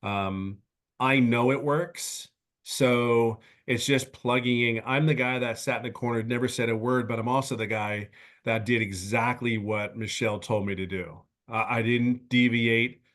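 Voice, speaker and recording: A man in his fifties giving a heartfelt personal testimonial on a webinar video call, speaking earnestly in halting, restarting sentences. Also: mid-range voice, fairly even intonation, fairly bright tone.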